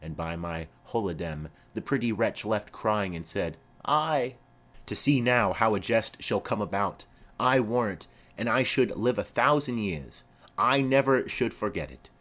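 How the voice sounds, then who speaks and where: A man's voice: on the low side, lively intonation, measured pace, a bit bright. A man reading the part of a garrulous old female nurse who rambles on with chatty asides.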